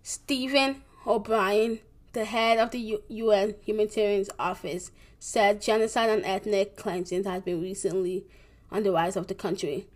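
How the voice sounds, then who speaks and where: Young woman reading her notes out loud, stumbles a lot, lots of um and restarts. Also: medium pitch, fairly even intonation. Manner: halting reading with many restarts and fillers. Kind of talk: reading a school presentation on world events.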